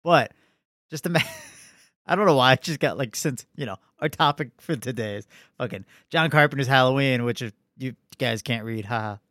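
A man's voice: medium pitch, normal speed, a bit bright, no room sound, clean studio sound. A young man co-hosting a podcast, telling rambling, profanity-filled stories in casual chat. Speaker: podcast co-host.

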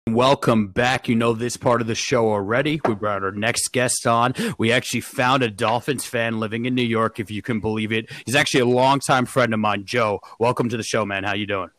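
A man's voice: medium pitch, fairly even intonation, a little fast, few pauses, a bit bright, soft background music. A young man hosting a casual sports podcast, slangy and laid-back, often laughing. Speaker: podcast host.

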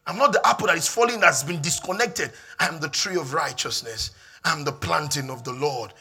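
A man with a Nigerian accent preaching a sermon as pastor, emphatic and repetitive, building up to shouts. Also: on the high side, a little fast.

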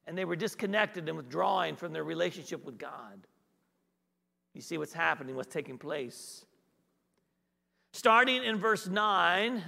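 A man's voice: very high-pitched, vocal fry, bright, forceful tone, long reverb tail. A man preaching as a guest pastor. He repeats key phrases for emphasis and asks the congregation questions in a conversational way. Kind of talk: sermon.

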